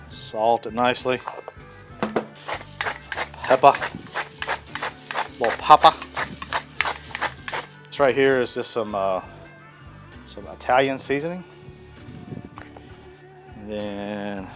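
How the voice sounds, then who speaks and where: A man, hosting a casual cooking demonstration in a folksy, chatty way. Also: mid-range voice. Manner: folksy, chatty, with many fillers. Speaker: cooking channel host. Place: outdoor griddle.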